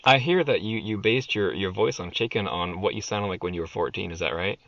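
A man's voice: low voice, brisk, a bit bright, no echo, lo-fi sound. A male interviewer asking playful, teasing questions in a casual chat.

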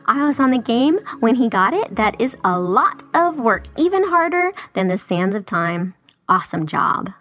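A woman podcast co-host reading a listener's email aloud in a chirpy, lively way. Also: a little high, moderate pace, faint music behind.

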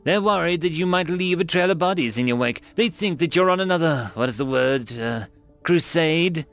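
A man's voice: fairly high pitch, lively intonation, normal speed, a bit bright, faint music behind, pitched above the performer's own voice. A man voicing a brutish, hot-tempered three-eyed alien general with a bullying, snarling manner in a storybook reading. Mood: haughty.

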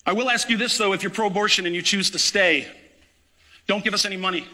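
Fiery, bright-voiced priest preaching. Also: male voice, high-pitched, quick pace. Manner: impassioned, indignant, emphatic. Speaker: parish priest. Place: church.

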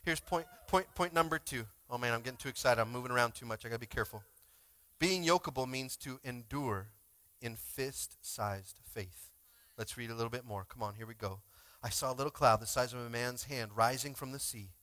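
A male pastor preaching a sermon informally, swinging between shouted exhortations and quiet asides, often asking the congregation to respond. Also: mid-range voice, lively intonation, moderate pace, dry recording. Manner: informal, frequent "like" and call-and-response.

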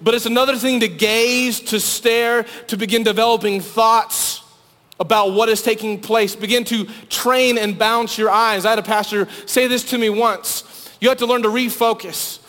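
A man preaching a sermon to students, urging loudly and then dropping to hushed pleading. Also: sits high, fairly even intonation, moderate pace. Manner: fervent, swings from loud urging to hushed pleading. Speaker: youth pastor. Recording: long hall reverb.

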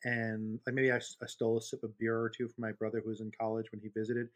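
A man's voice: fairly low pitch, completely flat delivery, fast. A man in his fifties, co-hosting a podcast, telling long rambling stories in casual chat and laughing easily. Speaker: podcast co-host.

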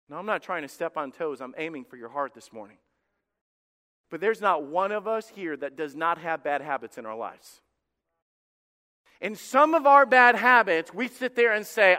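High-voiced preaching man in a hall. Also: animated, moderate pace, pushed and bright. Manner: preaching with dramatic shifts in volume, acting out God's voice. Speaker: pastor. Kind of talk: sermon. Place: church sanctuary with congregation. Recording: reverberant hall.

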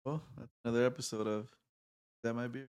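A man's voice: medium pitch, fairly even intonation, fairly quick, darkish tone, clear, resonant tone. A man hosting a podcast, reminiscing in laid-back, profane casual chat. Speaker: podcast host.

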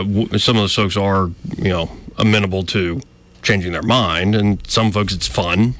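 A man's voice: sits low, a bit bright. A man co-hosting a talk radio show, explaining his view thoughtfully. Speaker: radio co-host.

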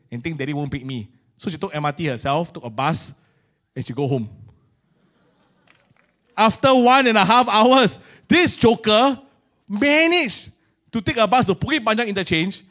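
Animated Singaporean preacher, high voice. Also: male voice. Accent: Singaporean English. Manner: animated storytelling, Singlish particles, lively swings in loudness. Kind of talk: sermon.

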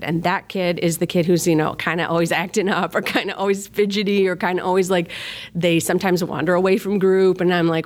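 A woman's voice: fairly low pitch, a little fast. A middle-aged woman, a guest in a podcast interview, talking in a chatty, earnest way with many fillers and acting out the voices she quotes. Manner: emotional when telling personal stories. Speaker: guest, youth ministry leader and mother.

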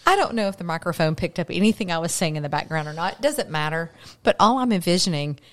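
Scatterbrained middle-aged woman, lively voice. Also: lowish voice, fast. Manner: scattered, nostalgic, jumping between random thoughts. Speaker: podcast co-host. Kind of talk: casual chat.

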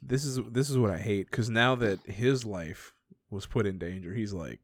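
A man's voice: on the low side, moderate pace, no echo, clean studio sound. A man casually recapping a book plot on a podcast, laughing often and swearing freely between fillers. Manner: laughing, profane, filler-heavy storytelling. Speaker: podcast co-host.

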